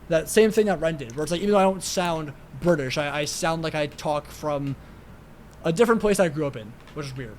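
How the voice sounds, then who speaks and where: A young New Yorker co-hosts a podcast, chatting casually in a rambling, profane way and leaning heavily on "like" and other filler words. His voice is fairly high, with a little hiss or hum in the recording.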